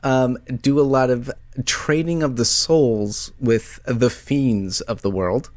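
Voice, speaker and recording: A man's voice: medium pitch, takes it slowly, darkish tone, no room sound. A man hosting a podcast as game master, chatting casually with many fillers and restarts, his voice slightly worn. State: voice slightly going out. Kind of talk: casual chat about tabletop games.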